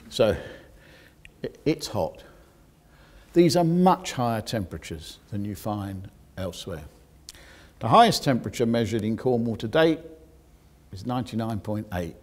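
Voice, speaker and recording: A geoscientist giving a public lecture, explaining technical details with dry asides to the audience. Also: male voice, fairly low pitch, a little mellow.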